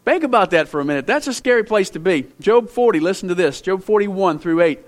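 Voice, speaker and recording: Emphatic preacher man, fairly high voice. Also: lively intonation, a little fast. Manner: emphatic, with sudden loud rises and quiet drops; conversational, asks the listeners direct questions. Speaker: pastor. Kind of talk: sermon. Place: church before a congregation.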